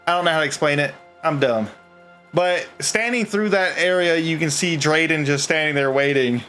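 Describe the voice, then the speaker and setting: A man with a somewhat higher voice runs a tabletop game, narrating as game master. He rambles, stacks up fillers and keeps breaking into laughs. Faint music plays in the background. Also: normal speed, bright, forceful tone.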